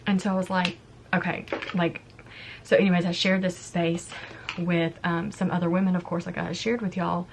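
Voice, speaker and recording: A woman's voice: fairly low pitch, level tone, moderate pace, slight background noise. A woman in her thirties, a vlogger, casually telling a personal story to camera in a chatty, confiding way, often acting out what she said. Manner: chatty, confiding, quotes herself. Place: home, yard work heard outside.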